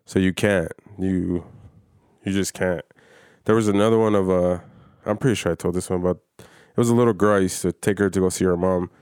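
A man's voice: sits low, fairly even intonation, brisk, darkish tone, smooth, dry recording, clean studio sound. A man telling stories in casual podcast chat, slangy and full of swearing. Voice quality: heavy swearing, loose slangy storytelling.

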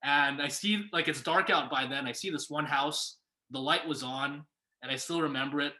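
A young man telling a story in casual conversation, lively and acting out what people said. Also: fairly high pitch, moderate pace. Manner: animated, acts out quoted voices. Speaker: guest. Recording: echoey room.

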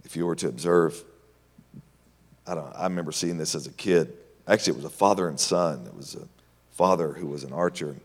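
Deep male preacher, sermon, animated delivery, long hall echo. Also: fairly quick, pauses often, slightly rough. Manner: animated storytelling, swings between loud and hushed. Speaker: pastor.

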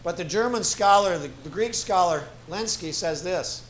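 A man preaching as a guest pastor, slow and emphatic, repeating key phrases for weight. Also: sits high. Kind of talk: sermon. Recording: echoey room with faint ambient noise.

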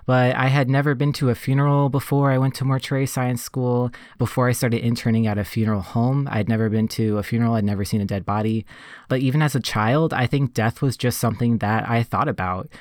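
A man in funeral service casually telling a personal story on a podcast, reflective and relaxed, full of "like" and "you know". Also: medium pitch, fairly quick, no room sound, clean studio sound.

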